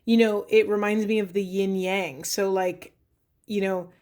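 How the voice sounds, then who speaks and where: A woman's voice: medium pitch, steady tone, a little slow, a little mellow. A woman giving a spiritual tarot reading to camera, thinking aloud in a reflective, earnest way with many fillers. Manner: earnest, pleading with viewers. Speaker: tarot reader.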